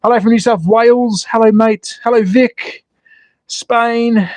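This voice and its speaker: A man's voice: very high voice, steady tone, unhurried, a little mellow, no room sound. A man chatting casually on a live stream while building a slot car track and reading the chat. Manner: chatty, self-deprecating, reads chat aloud while building. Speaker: slot car channel host. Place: indoors at home, building a track.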